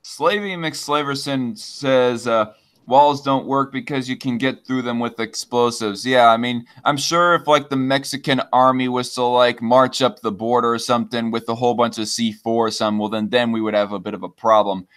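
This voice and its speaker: A man's voice: mid-range voice, steady tone, moderate pace, fairly bright tone, clear, resonant tone. A man hosting a casual podcast, reading chat comments aloud and talking in a hesitant way with many fillers and restarts.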